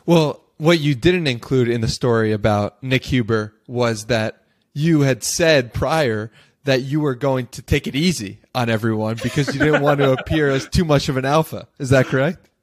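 A man hosting a podcast, asking probing questions in a slightly halting way. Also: medium pitch. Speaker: podcast host. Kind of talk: casual interview questions.

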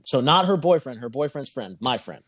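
This man speaks in a mid-range voice at normal speed, recorded dry. He's spinning a lengthy story on a laid-back podcast, swearing a lot and lively in acting out other people's lines.

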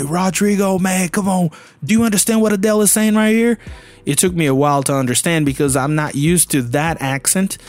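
A man hosting an English lesson podcast, talking in a chatty, enthusiastic way with many fillers. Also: medium pitch. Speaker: English teacher and podcast host. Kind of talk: casual teaching monologue.

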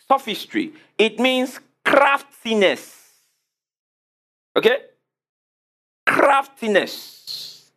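A pastor preaches with a high, lively voice that swings widely in pitch. He keeps asking the congregation to answer him. He slows down to repeat and spell out important words. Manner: emphatic preaching with call-and-response questions. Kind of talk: sermon.

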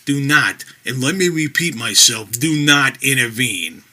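A man's voice: medium pitch, lively intonation, unhurried, sharp tone, pitched above the performer's own voice, heavily acted. A man voicing an officious male undercover agent who speaks stiffly, in an audiobook story.

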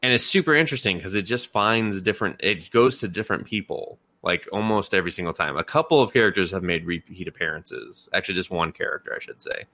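A man's voice: deep voice, quick pace, hardly any pauses, sharp tone, no echo. A man casually retelling scenes as a podcast co-host, rambling with lots of fillers and laughs. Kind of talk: casual chat.

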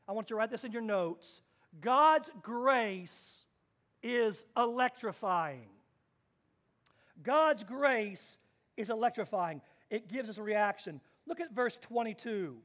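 A man's voice: very high voice, a bit bright. A man pastor preaching a sermon to his congregation, dramatic and emphatic, repeating key phrases.

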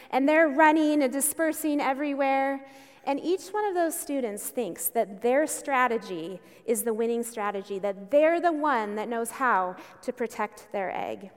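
A woman pastor preaching a sermon in a conversational storytelling way, with emphatic bursts. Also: fairly high pitch. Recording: long reverb in a church hall.

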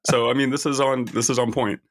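A man co-hosting a podcast, chiming in with measured, agreeable comments in a casual recap chat. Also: mid-range voice, fairly even intonation, fairly bright tone. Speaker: podcast co-host.

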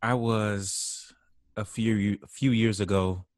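A man's voice: lowish voice, slow pace, dry recording, clean studio sound. A male podcast co-host telling stories in casual chat, acting out quotes mockingly. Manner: animated storyteller, mocking quotes.

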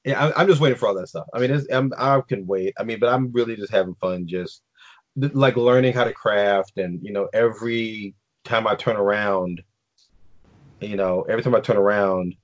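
A man co-hosting a casual podcast, talking haltingly with many restarts. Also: fairly low pitch, no echo. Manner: halting, restarts often, laughs easily. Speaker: podcast co-host. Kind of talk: casual chat. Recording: dull lo-fi sound.

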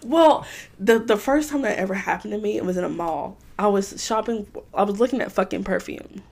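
Woman podcast co-host, mid-pitched, animated and foul-mouthed storyteller. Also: a little fast, vocal fry. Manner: animated, profane, swears freely while telling stories. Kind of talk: casual chat, storytelling.

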